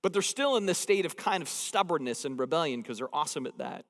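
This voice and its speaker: A man's voice: a little high, expressive, fast, fairly bright tone. A man preaching a sermon as pastor. He talks conversationally and jokes, and he stresses points by repeating phrases. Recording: long hall reverb.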